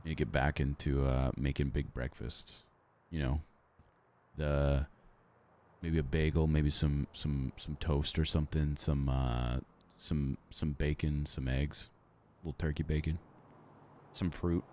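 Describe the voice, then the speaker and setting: A man's voice: a bass voice, steady tone, unhurried, darkish tone, a little hiss or hum. A man streaming, rambling casually with lots of fillers and restarts into an XLR mic at his home setup.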